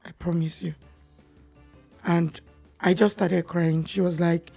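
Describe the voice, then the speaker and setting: A young Nigerian woman, a podcast guest, telling her personal story in a candid, animated way. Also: on the low side, takes it slowly, creaky, slightly rough, faint music behind.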